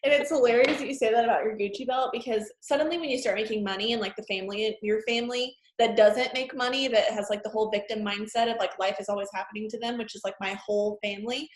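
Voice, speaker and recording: A woman's voice: a little high, fairly even intonation, fast talker, hardly any pauses, reverberant. A woman hosting a casual interview chat, rambling and full of fillers, agreeing readily with her guest. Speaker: host, network marketing leader.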